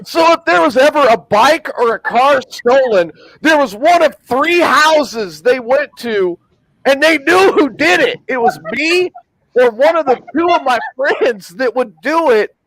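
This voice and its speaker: A man's voice: very high-pitched, expressive, a little slow, fairly bright tone, no echo, low-quality recording. A man telling profane, rambling stories in a casual chat, often laughing at his own tales. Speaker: podcast host.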